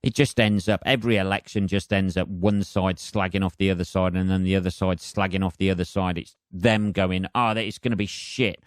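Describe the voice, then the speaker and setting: A man's voice: deep voice, fairly even intonation, a little fast, hardly any pauses, no room sound, studio quality. A man hosting a solo podcast, rambling and self-mocking with lots of swearing. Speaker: podcast host.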